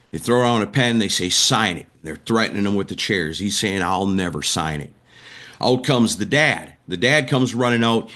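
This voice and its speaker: A wrestling announcer and writer, guesting on a podcast interview, retells stories with animation and acts out what was said. His voice is of medium pitch with a fairly bright tone.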